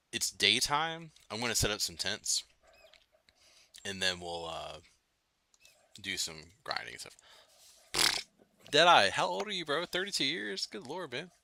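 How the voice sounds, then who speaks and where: A man hosting a late-night gaming livestream, chatting loosely with viewers, full of fillers and quick laughs. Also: low voice, bright, forceful tone. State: itchy nose. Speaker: livestream host. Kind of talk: casual gaming livestream chat.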